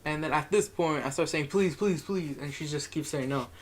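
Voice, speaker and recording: A man's voice: a little high, steady tone, fairly quick. A young man telling a rambling, profane story in a casual monologue, chuckling as he goes.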